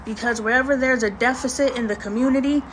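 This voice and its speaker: A woman's voice: on the high side, steady tone, quick pace, fairly bright tone, a little hiss or hum, poor audio. A woman hosting a casual livestream chat, talking in a slangy, emphatic way with preachy asides and greeting viewers. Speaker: livestream host.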